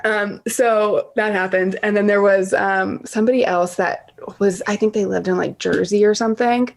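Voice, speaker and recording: A chatty woman guest tells her story in a relaxed podcast chat. Her pitch sits in an ordinary middle range. She fills her talk with casual fillers and keeps an animated flow. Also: normal speed, vocal fry.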